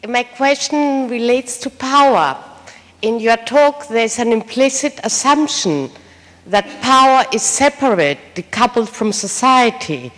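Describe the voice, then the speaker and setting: A woman in the audience asking a measured, carefully framed question at a lecture. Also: fairly high pitch, animated, a bit bright. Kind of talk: question from the floor. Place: large lecture hall. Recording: long reverb of a big hall.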